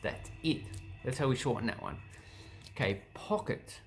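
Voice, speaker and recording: An Australian man casually explaining words from a dictionary, thinking aloud with many pauses and restarts. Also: mid-range voice, expressive, slight background noise. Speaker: language vlogger.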